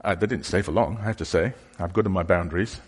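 Preaching in a low, husky voice, a man speaks casually and haltingly, frequently starting phrases over and acting out imagined questions. The long reverb of a church hall rings around his words.

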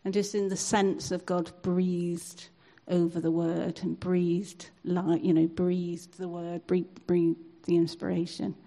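A woman sharing and leading a spontaneous prayer, soft and halting with fillers. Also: on the low side, flat delivery, rough recording. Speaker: church member leading prayer.

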